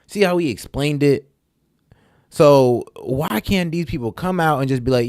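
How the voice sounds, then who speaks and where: A man's voice: medium pitch, animated, moderate pace, a little mellow, dry recording, studio quality. A man hosting a reaction video, talking bluntly and with profanity in casual commentary. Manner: blunt and profane, talks straight to viewers.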